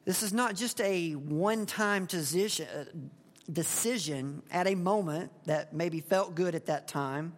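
A man's voice: sits high, measured pace. A male pastor giving a conversational expository sermon, asking the congregation questions. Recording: long hall reverb.

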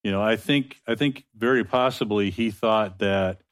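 Man, low voice, group study leader, affirming and encouraging. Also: moderate pace. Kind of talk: leading group discussion.

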